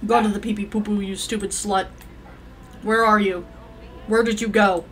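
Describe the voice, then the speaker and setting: A young woman giving casual, profane commentary while playing a life-sim game, yelling at the characters and rambling. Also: mid-range voice, level tone, normal speed, slight background noise. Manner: rambling, self-interrupting.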